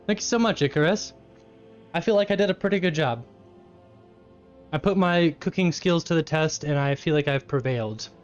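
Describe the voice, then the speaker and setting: A man's voice: on the high side, normal speed, long pauses, smooth, muffled recording, soft background music. A man live-streaming from his home kitchen, chatting casually with his chat, laughing often and eating as he talks.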